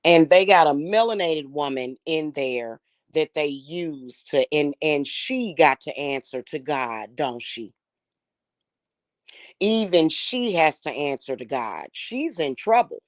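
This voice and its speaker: A woman with a low, deep-set speaking voice talks straight to her viewers. She is emphatic and emotional, stumbling over and repeating words as her feelings rise. The recording is dry and close, with no room sound. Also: lively intonation, slow pace, no room sound. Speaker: spiritual channel host. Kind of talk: casual talk to viewers.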